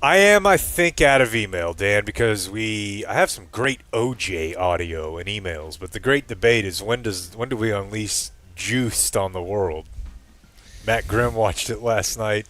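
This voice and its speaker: A man's voice: fairly low pitch, unhurried, a bit bright. A man hosting a sports talk show, reading listener mail aloud and chatting loosely, laughing mid-sentence.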